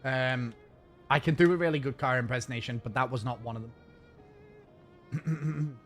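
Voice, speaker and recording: A man's voice: medium pitch, moderate pace, a bit bright, faint music behind. A man streaming a game and chatting casually with his viewers in a rambling, self-mocking way.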